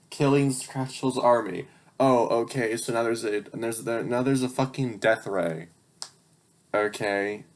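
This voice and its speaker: A young man reading his childhood stories aloud, breaking off for incredulous, sarcastic, swearing asides. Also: on the low side. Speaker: channel host.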